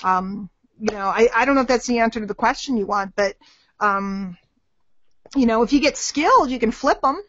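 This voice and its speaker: At normal speed, a middle-aged woman with a fairly high, lively voice handles marketing questions in a live webinar. She acts out brief exchanges between people with animated flair. The dry, somewhat dull recording sounds like a web call.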